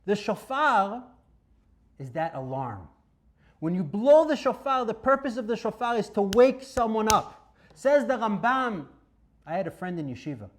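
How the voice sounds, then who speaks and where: A man giving a dramatic Torah lecture, swinging between loud bursts and hushed asides and asking his listeners questions. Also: sits high, expressive, normal speed, slight background noise. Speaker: rabbi teaching a Torah class.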